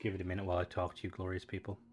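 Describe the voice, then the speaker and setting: A man's voice: low voice, completely flat delivery, racing, soft background music. A young Irish man chatting casually with viewers while streaming a game, rambling from one thought to the next. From Ireland.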